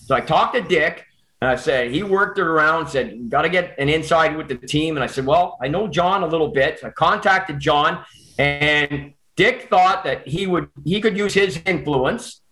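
A Canadian man telling a personal story in casual chat, animated and quick with restarts. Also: a little high, low-quality recording.

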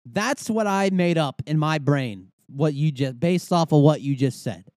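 A young podcast host rants in a loose, comedic way, swearing freely and drifting into asides. His voice sits a little high for a man and swings widely in pitch. The recording is close and dry. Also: a little slow, dry recording. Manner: animated, swearing, rambling with frequent asides. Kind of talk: casual comedic rant.

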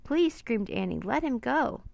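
A woman's voice: medium pitch, normal speed, gravelly, no echo, close to an everyday voice. Woman reading as Annie, a kind-hearted young girl. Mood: pleading.

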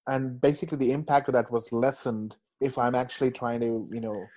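A man's voice: medium pitch, steady tone, fairly quick, a little mellow. Easygoing man in a film chat. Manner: casual, laughs easily, stumbles over words. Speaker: film podcast panelist. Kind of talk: casual film discussion.

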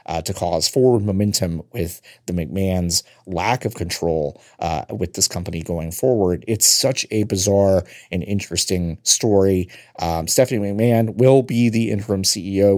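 Deep-voiced male podcast host. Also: normal speed, darkish tone, no echo, clean studio sound. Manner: conversational, loose and meandering. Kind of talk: casual podcast talk.

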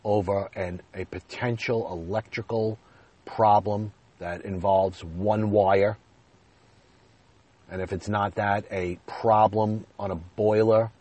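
A man's voice: low-pitched, darkish tone, slightly rough. A man in his forties telling viewers a candid, emotional story in a rambling, self-deprecating way. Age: 40s. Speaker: vlogger.

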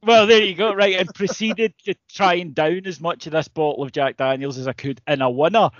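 A man's voice: fairly high pitch, brisk, no room sound, muffled recording. A man, co-hosting a podcast, telling stories and ranting in casual, sweary chat. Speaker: podcast co-host.

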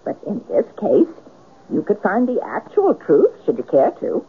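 Brief: sharp, inquisitive woman in a radio play, raspy and very animated, phone-thin broadcast audio. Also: mid-range voice, normal speed, phone-quality sound, exaggerated voice. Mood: probing. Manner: probing, practical. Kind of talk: 1970s radio drama acting.

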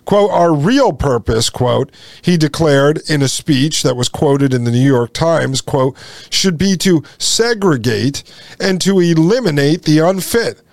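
A man's voice: a little high, expressive, measured pace, gravelly, no echo. A man hosting a podcast, reading a text aloud and breaking off into sarcastic commentary. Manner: sarcastic, mocks with put-on voices. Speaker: podcast host.

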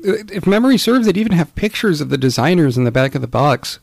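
This man co-hosts a casual podcast about retro video games, rambling along with lots of fillers and restarts. His voice is a little high, sing-song and gravelly, he talks fast, and there's no room sound.

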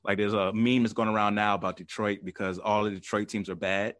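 A man hosting a podcast, talking sports in a laid-back, chatty way and laughing easily. His voice sits a little low, and it comes through a close, dry mic with no room sound. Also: little pitch movement, fairly quick, a bit bright, no echo. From Arizona. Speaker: podcast host. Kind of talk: casual sports podcast chat.

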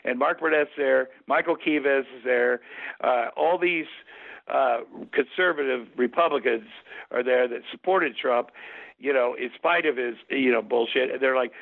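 A man telling a long story as an interview guest, rambling and lively, with many restarts and quoted exchanges. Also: mid-range voice, moderate pace, gravelly. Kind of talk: animated storytelling. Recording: phone-like narrow sound.

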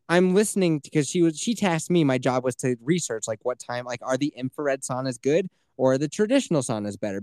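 A man's voice: a little high, a little mellow, no room sound, studio quality. A man hosting a podcast, telling stories in a chatty, swearing way from a small closet. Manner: chatty storyteller, swears freely. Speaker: podcast host. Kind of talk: casual chat.

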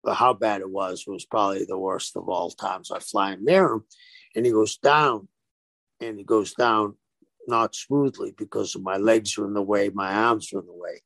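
A man's voice: lowish voice, normal speed, creaky, few pauses, no room sound. A man, a former pro wrestler, telling stories in a casual interview and acting out the dialogue as he goes. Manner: animated storyteller who acts out quoted dialogue.

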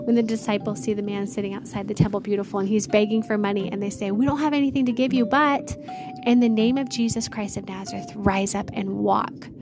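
A woman hosting a faith podcast, talking to listeners in an excited, gushing way and closing in prayer. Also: mid-range voice, a little fast, music in the background. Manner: excited, gushing, addresses listeners as "you guys". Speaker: podcast host.

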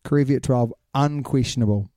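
A man's voice: medium pitch, a little fast, mellow, no echo, studio quality. A man co-hosting a sports podcast in casual chat, teasing and laughing often. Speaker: podcast co-host.

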